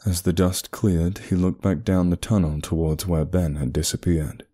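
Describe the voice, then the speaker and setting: A man narrating a horror story in a measured, ominous way. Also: low-pitched, steady tone, dark tone, breathy edge. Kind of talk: scripted narration. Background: faint music.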